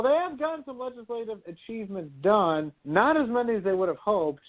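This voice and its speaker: A man co-hosting a radio talk show, giving confident, opinionated takes on sports and politics. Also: fairly high pitch. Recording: phone-line quality audio.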